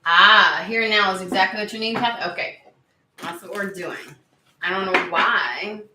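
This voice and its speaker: A woman giving a casual tarot reading to her viewers, chatty and excitable, swearing freely and talking through plenty of fillers. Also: mid-range voice, normal speed, echoey room, heavy background noise. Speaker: tarot reader.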